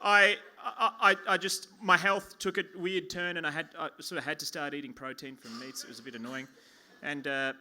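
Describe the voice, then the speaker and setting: A man's voice: a little high, steady tone, normal speed, hardly any pauses, pushed and bright. An Australian man doing a stand-up comedy set on a pub stage, rambling and self-mocking with lots of stammering restarts. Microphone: stage mic at a lectern.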